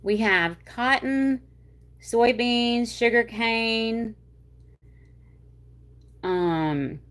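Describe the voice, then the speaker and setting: A woman's voice: a little high, fairly bright tone. A woman from Louisiana with a North Louisiana Southern accent, hosting a livestream and chatting casually with viewers in a rambling way. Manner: chatty, rambling, with y'all and drawn-out words. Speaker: livestream host. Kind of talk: casual chat reading viewer comments.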